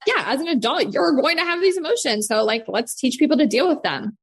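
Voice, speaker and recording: A woman's voice: sits high, animated, brisk, creaky. A woman, a mother and podcast co-host, talking frankly and chattily with lots of filler words. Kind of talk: casual podcast conversation.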